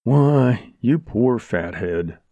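A man's voice: fairly high pitch, very animated, unhurried, gravelly, dark tone, no room sound, pitched above the performer's own voice, heavily acted. A man voicing a frontier doctor among outlaws, speaking in a soothing, coaxing drawl. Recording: dull lo-fi audiobook recording.

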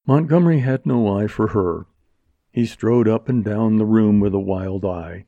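A man narrating an audiobook in a steady storytelling way. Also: lowish voice, measured pace, no echo. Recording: dull lo-fi recording.

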